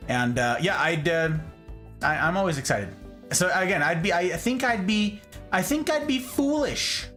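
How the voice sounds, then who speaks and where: A man with a slightly high, fairly bright voice hosts a casual livestream. He greets viewers by name in a playful, theatrical, sing-song manner.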